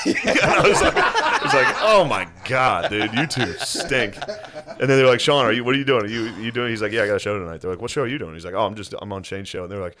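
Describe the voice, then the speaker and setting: A man's voice: on the low side, quick pace, crowd noise. A man co-hosting a podcast, teasing and laughing while telling a story in casual banter. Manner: joking, teasing, laughs often. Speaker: podcast co-host.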